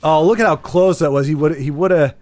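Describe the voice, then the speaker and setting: A man's voice: a little high, a little fast, darkish tone, no room sound, soft background music. A man streaming a card game live, chatting casually, rambling and joking about himself while answering his chat. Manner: rambling, playful, self-deprecating, answers chat.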